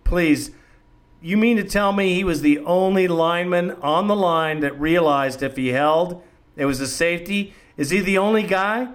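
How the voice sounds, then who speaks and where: A man's voice: sits high, moderate pace. A man hosting a call-in fan show, chatting casually and chummily with callers. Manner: relaxed, chummy, laughs with callers. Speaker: host.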